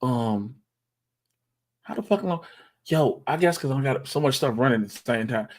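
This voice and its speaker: A man on a casual livestream who mutters to himself, half-narrating what he is doing on his computer. He talks in loose slang and swears often, and his pitch sits in a middle range for a man. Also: animated, moderate pace. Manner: mumbling, talking to himself while fiddling with software. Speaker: stream host.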